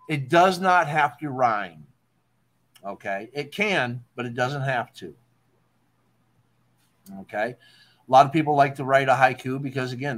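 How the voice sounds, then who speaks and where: Laid-back male host explaining terms. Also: medium pitch. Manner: relaxed, punctuates explanations with "okay?". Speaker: podcast host. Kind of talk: casual talk show, explaining poetry terms.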